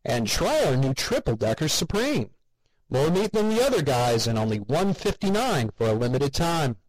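Man doing a booming ad announcer. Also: big pitch swings, moderate pace, no room sound, low-quality recording. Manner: booming, salesy.

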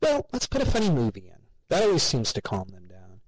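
A man voicing a cheerful, doting middle-aged mother who is oblivious to the horror around her, in a high sing-song voice. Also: huge pitch swings, fairly quick, breathy edge, rough recording. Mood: cheery sing-song.

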